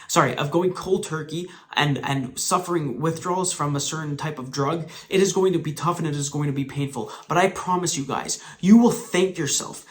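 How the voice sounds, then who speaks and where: A man's voice: on the high side, a bit bright. A man telling a personal story in a vlog, earnest and emphatic, talking straight to his viewers. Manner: emphatic, swearing at times. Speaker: vlogger.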